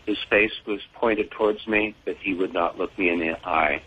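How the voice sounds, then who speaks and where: An older man speaking as an interview guest, in a measured, deliberate way with pauses and fillers. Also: sits low, steady tone, highs cut off, a little hiss or hum. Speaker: guest, father of a fallen serviceman.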